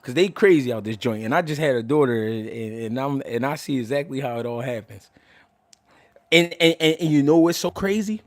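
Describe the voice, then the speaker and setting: Loud, animated man talking casually. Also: mid-range voice, brisk. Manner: loud, animated, laughs often, swears freely. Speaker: boxing commentator and show host. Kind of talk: casual livestream talk.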